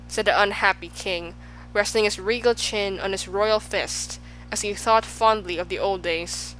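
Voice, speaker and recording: A woman reading a children's novel aloud as an audiobook narrator, in a steady, clear storybook voice. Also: medium pitch, a little slow, slight background noise, poor audio.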